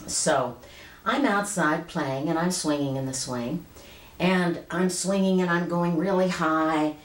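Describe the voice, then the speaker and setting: A woman's voice: lowish voice, takes it slowly, roomy sound, poor audio. A woman in her late fifties earnestly telling a personal story to the camera in a conversational way. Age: 50s. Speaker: vlogger.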